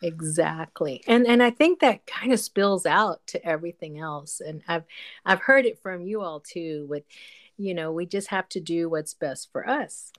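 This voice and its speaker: A woman's voice: fairly low pitch, animated, a little slow. A woman hosting a casual podcast chat, encouraging and chatty, with many fillers. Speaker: podcast host.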